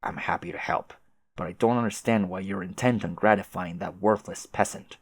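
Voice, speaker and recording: Voicing a muscular teenage troll aristocrat, a man speaks in a stiff, formal way, quiet and precise. His voice is low-pitched and moves at a normal speed.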